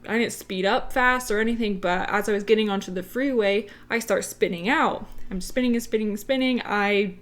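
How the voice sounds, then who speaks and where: Young female podcast co-host, mid-pitched, casual, filler-heavy storyteller. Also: a little fast, hardly any pauses. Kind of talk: casual chat.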